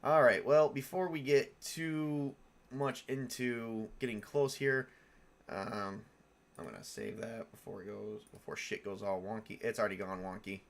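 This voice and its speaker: A man's voice: lowish voice, measured pace, gravelly. Rambling man thinking aloud. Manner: self-correcting, answers viewer questions. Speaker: streamer building game characters. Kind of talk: casual live-stream chat.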